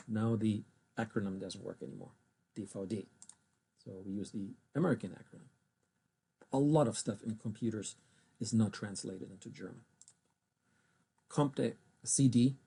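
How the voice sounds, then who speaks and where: Husky man teaching German pronunciation. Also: fairly low pitch, warm tone. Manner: slow careful spelling and pronunciation of German words. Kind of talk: recorded language lesson.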